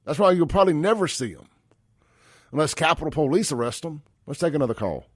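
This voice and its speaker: Blunt talk radio host. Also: male voice, fairly high pitch, lively intonation, fast, no room sound, clean studio sound. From Mississippi. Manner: blunt, folksy, calls listeners brother. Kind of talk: conservative talk radio commentary.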